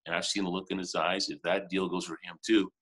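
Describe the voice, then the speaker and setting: A man in his fifties, a motivational speaker telling stories in an interview, lively and chuckling often, often restarting his sentences. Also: sits low, fast. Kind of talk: animated storytelling in conversation.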